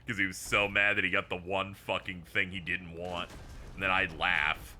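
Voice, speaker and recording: A man streaming a game, chatting casually with viewers, laughing and swearing as he talks. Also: moderate pace. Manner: animated, swings between squeaky highs and low mutters. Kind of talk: casual gaming stream chat.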